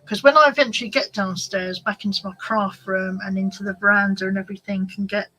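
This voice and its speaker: A woman's voice: medium pitch, steady tone, brisk, pushed and bright, low-quality recording. A woman hosting a casual live-stream chat from home, rambling and talking to commenters by name. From United Kingdom. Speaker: craft channel host.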